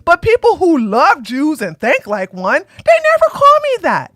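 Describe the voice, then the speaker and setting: A woman host doing live-stream commentary in an animated, sarcastic way, often breaking into laughter. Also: sits high, measured pace, no room sound, faint music behind.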